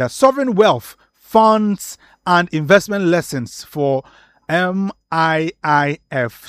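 A man with a Ghanaian accent reviewing the morning's newspaper headlines, reading briskly with short asides and fillers. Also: fairly high pitch, no echo, studio quality.

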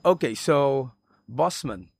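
A man hosting a radio talk show in a studio, speaking in a measured, emphatic way and calling on his guests one by one. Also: medium pitch, lively intonation, gravelly, slightly rough, dry recording.

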